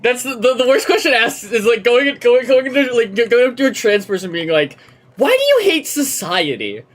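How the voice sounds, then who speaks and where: Here the streamer's voice is fairly high and brisk. She's a young adult woman playing a game live, chatting and ranting animatedly with plenty of swearing.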